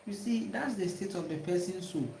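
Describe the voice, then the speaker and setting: A woman's voice: on the low side, normal speed, gravelly, mellow, a little hiss or hum. Emphatic Ghanaian woman in an echoey room. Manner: emphatic, repeats words, stammering restarts. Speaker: spiritual teacher. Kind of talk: casual spiritual talk. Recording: roomy echo.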